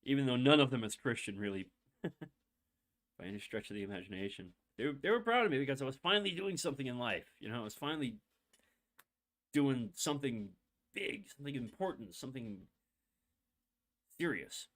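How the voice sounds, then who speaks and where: A man's voice: medium pitch, animated, brisk, pauses often, a bit bright. A young man hosting a podcast, telling a long personal story in a rambling, candid way with many fillers and asides, emotional and holding back tears. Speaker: podcast host.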